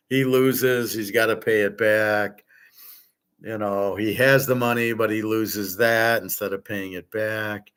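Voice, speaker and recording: Blunt low-voiced man rambling casually. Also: a bit bright. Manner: blunt, opinionated, wandering from topic to topic. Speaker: livestream host answering chat.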